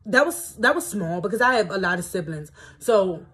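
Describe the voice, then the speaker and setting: A young woman with a D.C. talks on her podcast in a loose, rambling, reflective way, full of fillers. Her voice is husky and a little breathy, at a middle pitch for a woman. She drifts between her own life and lines she reads from a book. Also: lively intonation, normal speed, fairly bright tone. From Washington, D.C. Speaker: podcast host. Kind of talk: casual personal reflection, reading from a self-help book.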